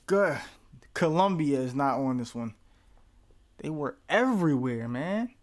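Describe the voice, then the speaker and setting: A man's voice: fairly high pitch, lively intonation, a little slow. Jokey man talking back to a movie. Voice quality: jokey, talks back to the screen, bursts into mock screams. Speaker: movie reaction host. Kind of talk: casual chat over a movie.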